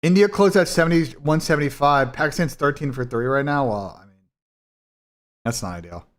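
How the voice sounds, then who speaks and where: A man's voice: on the high side, normal speed. A man hosting a live esports watch party in casual, blunt, profane talk that rambles and restarts. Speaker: esports streamer and commentator.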